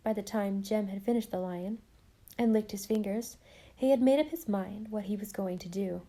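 A woman narrating a children's novel aloud in an expressive storytelling manner, sometimes dropping to hushed tones. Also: mid-range voice, normal speed. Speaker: audiobook narrator.

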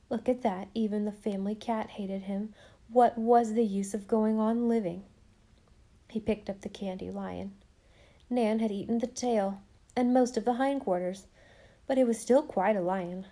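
A woman narrating a children's novel aloud in an expressive storytelling manner, sometimes dropping to hushed tones. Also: mid-range voice. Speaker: audiobook narrator.

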